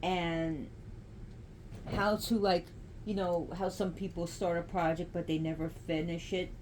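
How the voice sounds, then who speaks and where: Slow, halting woman explaining spiritual cards. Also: on the low side, flat delivery, darkish tone, a little hiss or hum. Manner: unhurried and halting, with frequent restarts. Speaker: spiritual practitioner presenting oracle cards. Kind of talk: casual spiritual vlog explanation.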